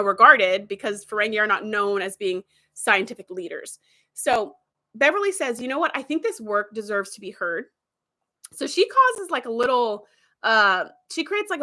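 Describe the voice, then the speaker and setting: A woman hosting a show, casually retelling an episode in a chatty, animated way with plenty of fillers. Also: fairly high pitch. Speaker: host.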